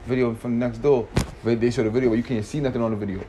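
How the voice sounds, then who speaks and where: A man's voice: medium pitch, steady tone, rapid-fire, noisy background. A man telling a story in a casual, slangy, rambling way, often checking in with his listeners.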